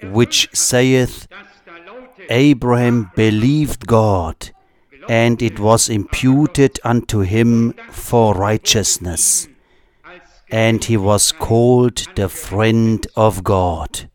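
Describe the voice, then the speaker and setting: A male preacher delivering a sermon at a very slow, measured pace. His voice sits a little low, and he leans on repetition and long pauses to stress each point. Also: darkish tone.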